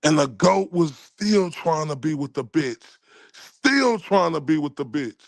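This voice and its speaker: A man with a gravelly, slightly raised voice gives blunt, profane reactions. He speaks close to a dry mic, and his remarks stretch out slowly. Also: a little high, expressive, dry recording. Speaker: streamer reacting to a clip. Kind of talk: casual reaction commentary.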